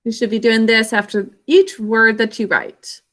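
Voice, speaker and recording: A young woman teacher leading an online spelling lesson over a video call, clear and encouraging. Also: fairly high pitch, flat delivery, normal speed, a bit bright.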